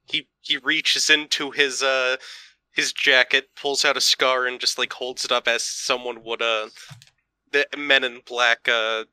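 Bright-voiced man playing a tabletop game. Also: medium pitch, level tone, a little slow, smooth, dry recording. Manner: rambling, searching for words. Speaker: player. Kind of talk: tabletop role-play.

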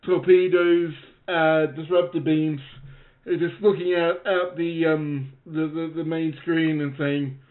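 A man's voice: fairly high pitch, flat delivery, takes it slowly, phone-quality sound. A man playing in a tabletop game, chatting casually in a hesitant, amused way. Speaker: player.

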